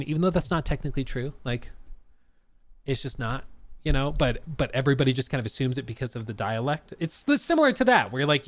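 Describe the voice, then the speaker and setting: A man's voice: a little high, fairly bright tone, no room sound. A man chatting casually on a live stream, reacting to a video and laughing at his own tangents.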